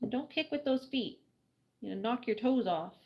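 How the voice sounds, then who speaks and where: A woman hosting a casual late-night livestream at home, chatting and laughing often as she bathes a bird, slipping into high baby talk. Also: expressive, normal speed, dull audio. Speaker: livestream host caring for animals. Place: home at night, bathing a bird near a couch.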